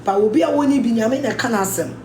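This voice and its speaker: Speaking fairly quickly in a fairly high, slightly mellow voice, this Ghanaian commentator rants on social media, blending English with Twi. She scolds emphatically and hammers her points again and again, recorded in an echoey room with a little hiss or hum.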